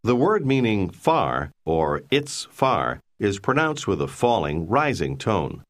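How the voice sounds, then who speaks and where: Guy narrating a language lesson, lowish voice, lots of up and down, steady explainer tone. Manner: measured, explanatory. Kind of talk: scripted instructional narration.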